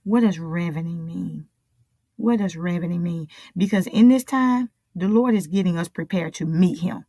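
A woman's voice: lowish voice, normal speed, dark tone, dry recording. A woman preaching a sermon in an emphatic, repetitive style, drawing out key phrases.

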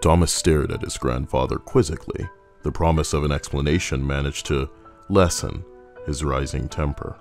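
A man giving a measured, scripted narration of a horror story. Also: a bass voice, darkish tone, faint music behind.

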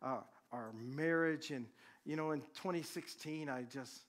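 A man preaching, a pastor telling a personal story to his congregation in a conversational, animated way. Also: fairly high pitch, unhurried.

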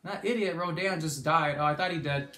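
Casual gaming commentator, mid-pitched, excitable and foul-mouthed, echoey room recording. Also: fairly quick. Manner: excitable, swears often, shouts at big moments.

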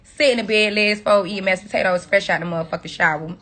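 A woman's voice: medium pitch, quick pace, fairly bright tone. A woman on a phone livestream, delivering a profane, confrontational scolding rant at her viewers. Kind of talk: angry rant on a social media livestream.

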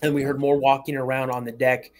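A man's voice: medium pitch, little pitch movement, fairly quick, soft background music. A man calling in to a show, telling a long personal story in a rambling way, repeating words and acting out the voices of people he quotes. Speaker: caller.

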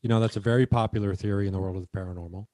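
A man hosting a podcast, talking things through in a relaxed, thoughtful way and laughing easily. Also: fairly low pitch, racing, dry recording. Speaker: podcast host. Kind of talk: casual conversational chat.

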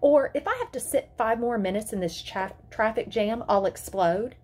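A woman voicing a protective mother who speaks in a firm, controlled, sharp way while reading a story aloud. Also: fairly high pitch, lively intonation, normal speed, slightly rough. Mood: tense. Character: fierce protective mother of a disabled girl.

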